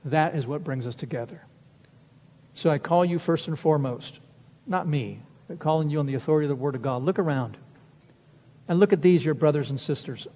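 A male pastor delivering an impassioned sermon to his congregation, pushing his voice up higher and louder to drive points home. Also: a little fast. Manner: impassioned, rising in pitch and volume to press points. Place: church sanctuary. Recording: long church reverb, dull lo-fi sound.

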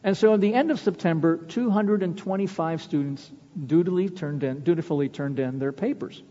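A man preaching a sermon, an earnest storyteller who slows down for emphasis, recorded in a church sanctuary. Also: a little high, warm tone. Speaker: pastor. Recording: dull lo-fi sound with long church reverb.

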